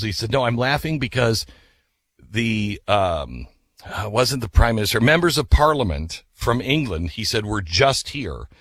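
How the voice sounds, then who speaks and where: A radio host man telling an animated story in a chatty way, then reading ads. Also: mid-range voice, dry recording. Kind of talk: storytelling and ad reads.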